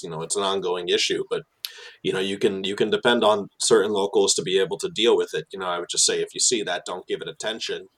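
A man, working as a tour guide, telling animated stories in casual chat with many fillers and restarts. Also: low-quality recording. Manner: animated storyteller, many fillers and restarts, drops low for asides.

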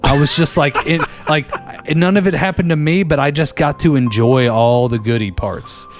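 A man's voice: a little high, normal speed, soft background music. A man calling in to a show, telling a story casually, laughing often and acting out the lines of the people in it. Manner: animated, laughs often, acts out others' lines. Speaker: caller. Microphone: phone call-in.

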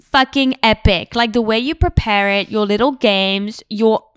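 A woman's voice: a little high, unhurried, smooth, no room sound, clean studio sound. A woman from Europe hosting a podcast, bubbly and gushing in casual chat and swearing freely. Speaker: podcast host. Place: Los Angeles.

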